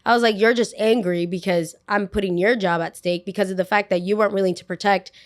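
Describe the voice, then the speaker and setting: A woman's voice: medium pitch, quick pace. A young woman tells a story on a podcast in a loose, chatty way. She acts out the people she quotes with bursts of energy and fills her talk with "like." Her delivery swings between heated and offhand. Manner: animated, acts out quotes, heavy use of "like". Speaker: podcast guest. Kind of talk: casual storytelling.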